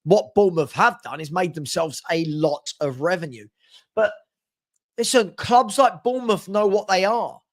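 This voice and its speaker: A man hosting a live football stream, chatty and teasing as he reads viewer comments and gives shout-outs. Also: sits high, normal speed. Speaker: host of a live football transfer show.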